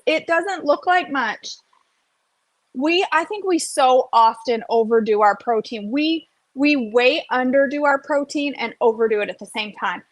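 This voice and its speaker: A woman's voice: fairly high pitch, no room sound. Chatty woman cooking on camera. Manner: chatty, often adds "okay?" and "y'all". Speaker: cooking vlogger. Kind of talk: casual cooking vlog.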